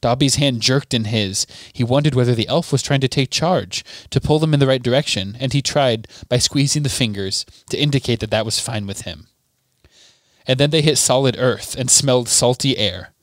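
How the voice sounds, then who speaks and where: A man's voice: mid-range voice, normal speed, dry recording. A man hosting a book podcast, reading a novel aloud steadily and adding small asides to his co-host.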